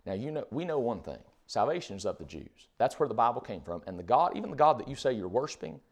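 Conversational preacher with animated delivery. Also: male voice, medium pitch, fast. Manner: conversational, full of rhetorical questions. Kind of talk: sermon.

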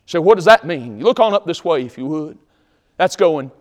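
A man preaching a sermon, emphatic, swinging between loud exhortation and hushed tones. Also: a little high, animated, moderate pace, big-room sound, muffled recording.

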